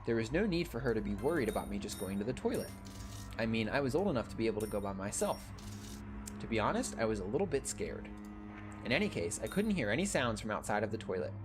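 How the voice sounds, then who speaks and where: A man reading horror-game dialogue and narration aloud in a steady storytelling voice. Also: fairly low pitch, fast talker, over music.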